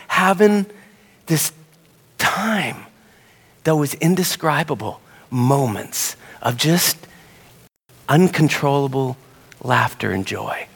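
A man's voice: creaky, slightly rough. Man telling a story with a long hall echo. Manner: animated storyteller, rising pitch when excited. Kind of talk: sermon storytelling.

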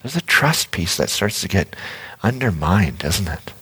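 A man's voice: sits low, sing-song, a little slow, breathy edge. Guy preaching on a stage mic, joking storytelling, long echo in the hall. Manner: conversational, playful storytelling with sudden loud bursts. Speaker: pastor. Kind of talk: sermon. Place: large church hall. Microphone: handheld stage mic.

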